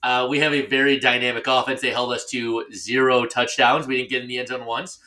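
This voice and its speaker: Bright-voiced man ranting playfully. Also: mid-range voice, flat delivery, brisk. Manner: joking, ranting. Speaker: podcast co-host. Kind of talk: casual chat.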